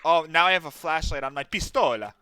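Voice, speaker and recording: A young man from New Jersey chats while streaming a game, his voice high and bright. He tells animated stories and swears freely. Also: brisk, a little hiss or hum. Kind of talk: casual chat while gaming.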